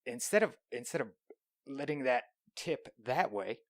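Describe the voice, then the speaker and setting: A man's voice: mid-range voice, lively intonation, measured pace, no echo. Young male podcast host, solo, profane storyteller who slips into whispers, dry small-room sound. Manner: profane, rambling, drops into whispers.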